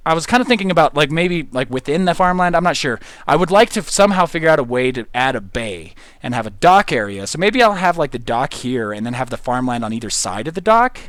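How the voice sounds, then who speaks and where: Reading his chat while streaming a game live, a man thinks aloud in a rambling, giggly manner, his casual commentary packed with "like" and "um." His voice sits on the high side and is expressive, a little fast and a bit bright, with no room sound.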